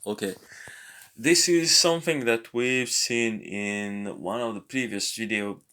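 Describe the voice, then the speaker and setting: A man talking through a language exercise, thinking aloud in a hesitant way and slowly sounding out foreign words. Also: mid-range voice, bright, forceful tone, clear, resonant tone. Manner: hesitant, thinking aloud with many pauses and repeats. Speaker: language lesson vlogger working through exercises. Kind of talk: casual think-aloud tutorial.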